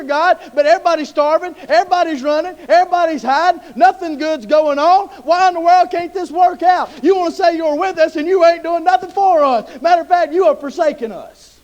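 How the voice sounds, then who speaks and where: A man's voice: very high voice, a little fast, hardly any pauses, big-room sound, lo-fi sound, pitched above the performer's own voice. A man playing Gideon as an exasperated, protesting farmer. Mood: indignant. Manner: indignant, protesting.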